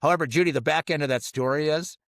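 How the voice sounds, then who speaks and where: A man's voice: a little high, fast, fairly bright tone, dry recording, clean studio sound. A middle-aged man co-hosting a podcast, telling a story casually and acting out the quoted voices. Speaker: podcast co-host.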